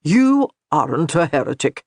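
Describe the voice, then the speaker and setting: A man reading as a kindly old Highland priest who reassures with light humor. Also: big pitch swings, measured pace, dry recording, exaggerated voice. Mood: reassuring.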